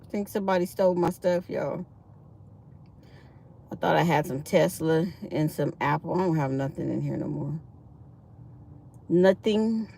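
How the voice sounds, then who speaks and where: Gravelly-voiced woman chatting to viewers. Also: low-pitched, normal speed, pauses often, warm tone. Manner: chatty, laughs hard, addresses viewers as y'all. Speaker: livestream host. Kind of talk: casual livestream chat.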